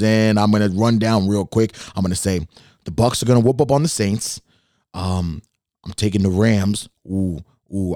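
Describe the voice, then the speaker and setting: Low-voiced man hosting a podcast rant. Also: no echo, studio quality. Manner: energetic, swears a lot, jumps between hype and mock sadness. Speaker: podcast host. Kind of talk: casual solo podcast rant. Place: his bedroom.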